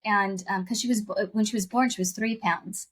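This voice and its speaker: A woman's voice: mid-range voice, fairly even intonation, brisk, breathy edge. Earnest woman telling a personal story. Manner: earnest, repeats phrases, emotional storytelling. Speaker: guest. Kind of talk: personal testimony in conversation.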